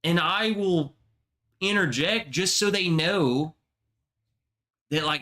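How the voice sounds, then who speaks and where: Slow-talking bright-voiced young man. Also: a little high. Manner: emotional, swearing, rambling storytelling. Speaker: livestream host. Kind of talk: casual livestream chat.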